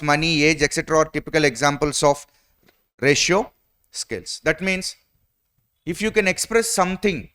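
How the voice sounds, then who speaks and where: A man's voice: a little high, fairly bright tone. A man with an Indian English accent giving an exam-prep lecture, often asking rhetorical questions and repeating his points.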